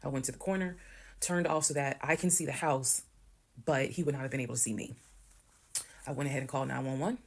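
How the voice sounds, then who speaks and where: A woman recounts a personal story in a casual, blunt, conversational style, swearing now and then as she retells it. Her voice is a rumbling low, and she talks fast but pauses often.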